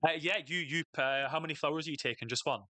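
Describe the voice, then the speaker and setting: Bright-voiced man running a tabletop game. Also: on the high side, dry recording. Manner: halting, full of fillers and restarts. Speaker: game master.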